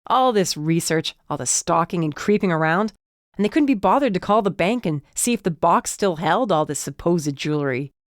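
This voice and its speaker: A woman's voice: on the low side, lively intonation, moderate pace, no echo, studio quality, lightly acted. A woman voicing a smug young man who mocks and gloats with a smirk. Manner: smirking, mocking.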